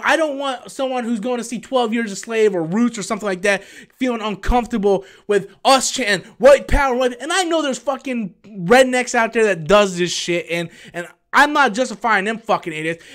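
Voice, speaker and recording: A man hosting a casual live-stream Q&A, rambling and animated as he answers viewer questions and swears freely. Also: high voice.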